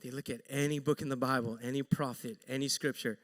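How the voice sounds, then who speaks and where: A man preaching a sermon as an animated storyteller who acts out the people in his story. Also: mid-range voice, fast talker, few pauses, big-room sound. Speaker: pastor. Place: church sanctuary.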